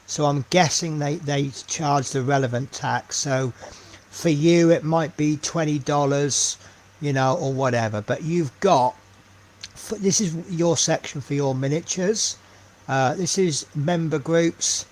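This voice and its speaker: A man's voice: on the high side, a little slow, darkish tone. A man chatting casually on a live stream while he paints miniatures, thinking aloud with many ums and trailing asides.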